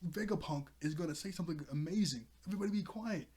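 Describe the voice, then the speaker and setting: A man voicing a loud, rowdy pirate who bosses a crowd around. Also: on the high side, quick pace, breathy edge, voice pushed up. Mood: bossy. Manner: shouty, bossy.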